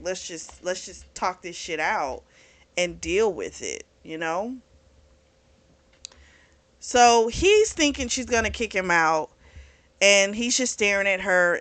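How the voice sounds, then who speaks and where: A woman's voice: on the low side, fairly bright tone. A woman casually recapping and reviewing a romance novel, chatty and frank, swearing freely. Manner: chatty and frank, swears freely, laughs at her own asides. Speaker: book reviewer. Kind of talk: casual book review chat.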